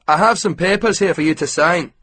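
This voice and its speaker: A man's voice: sits high, fairly quick, fairly bright tone, voice pushed up. A man voicing a friendly ginger-haired Scottish ground worker in a cheerful, chatty manner.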